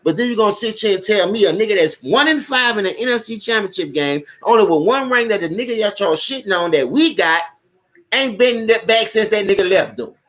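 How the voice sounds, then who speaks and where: Brisk and a bit bright, with lively intonation, his voice sits high. This young live-stream host from New Orleans rants about football, cursing animatedly as he speaks straight to the people watching.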